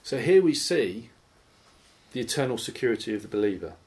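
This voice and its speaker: A man gives an informal teaching sermon to a small group. His delivery is conversational and animated, with a middle-pitched voice. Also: brisk. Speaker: Bible study leader.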